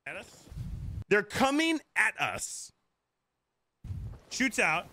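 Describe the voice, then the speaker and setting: High, bright-voiced gloating gamer man. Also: sing-song, extremely slow, dry recording. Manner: boisterous, gloating, laughs a lot. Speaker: gamer and video host. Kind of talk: excited voice chat during gameplay.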